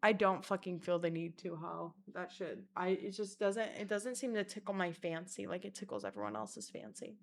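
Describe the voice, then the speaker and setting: A young woman telling wild personal stories in a casual vlog, crude and animated, slipping into mocking voices. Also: on the low side, moderate pace, hardly any pauses, slight background noise. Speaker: vlogger.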